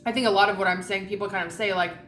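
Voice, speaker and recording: A woman's voice: mid-range voice, fairly even intonation, rapid-fire, a bit bright, echoey room, a little hiss or hum. A woman vlogger chatting casually while eating, rambling and candid with a lot of swearing.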